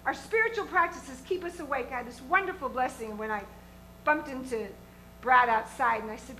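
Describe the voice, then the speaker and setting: A woman minister preaches in a high, bright voice. She is earnest and emphatic, and she often stops to ask her congregation questions. She is speaking in a church sanctuary. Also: fairly quick, slight background noise, rough recording. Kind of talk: sermon.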